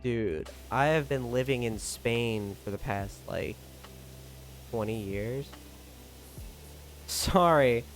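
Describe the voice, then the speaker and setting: A young man chats casually on a live stream, reading out viewer messages and thanking them as he goes. His manner is playful and jokey, and he laughs easily. Soft music plays faintly in the background. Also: mid-range voice, takes it slowly, long pauses. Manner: playful, joking, laughs often. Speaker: livestreamer.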